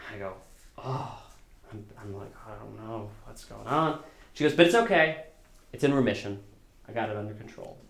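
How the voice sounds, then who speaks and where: A man's voice: medium pitch, roomy sound. A man telling a personal story live, in a casual, self-deprecating way, acting out the dialogue as he goes. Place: small live storytelling venue.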